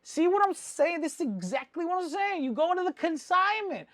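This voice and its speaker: A man's voice: very high-pitched, very animated, brisk, hardly any pauses, a bit bright, no room sound. A man from Mexico City, a jewelry vlogger, giving a rambling, slang-heavy opinion rant with frequent asides.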